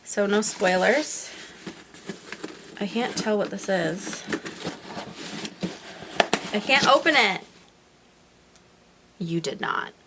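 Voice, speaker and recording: A woman's voice: mid-range voice, animated, very slow, long pauses, heavy background noise. A woman with a young daughter gushing through an unboxing vlog, gasping and repeating exclamations. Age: adult, a mother. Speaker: YouTuber unboxing a gift box.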